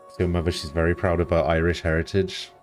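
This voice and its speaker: Deep-voiced British man joking deadpan. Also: fast talker, soft background music. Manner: dry, deadpan humor with casual swearing, reading and answering chat. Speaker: streamer. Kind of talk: casual live-stream chat.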